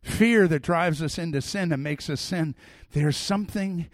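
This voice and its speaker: A middle-aged man preaching a sermon, telling personal stories in an animated way that swings from loud to soft. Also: fairly high pitch, a little slow, few pauses, no room sound, clean studio sound. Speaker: pastor.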